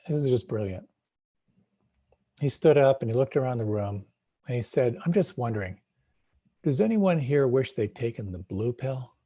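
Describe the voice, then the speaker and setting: Husky, gravelly middle-aged man teaching. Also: medium pitch, mellow, no room sound, clean studio sound. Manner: reflective, asks questions aloud, repeats words when restarting. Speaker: meditation teacher. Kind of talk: live dharma talk.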